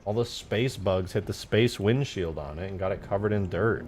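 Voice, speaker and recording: A man's voice: lowish voice, moderate pace, a little mellow, slight background noise. A man in his twenties chatting casually on a live stream, rambling and swearing through slangy stories. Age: 20s. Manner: rambling, profane storytelling with slang.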